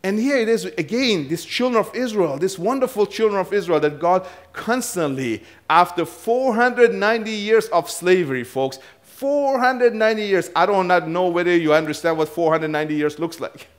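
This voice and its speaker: A man preaching a sermon as pastor, swinging between loud, raised passages and quiet, low asides, chuckling now and then. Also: expressive, normal speed, hardly any pauses.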